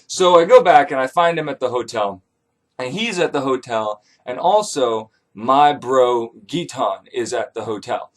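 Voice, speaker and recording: A man retelling an ancient tale as casual comedy, irreverent and profane with deadpan asides. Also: mid-range voice, unhurried. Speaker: comedic myth storyteller.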